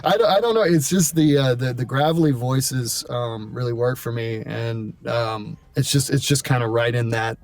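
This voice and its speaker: A man's voice: mid-range voice, steady tone, moderate pace, few pauses, distant mic. A young man, a voice actor, talking in an interview with a slightly scratchy, gritty voice, rambling with fillers and restarts. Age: young adult. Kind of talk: interview guest.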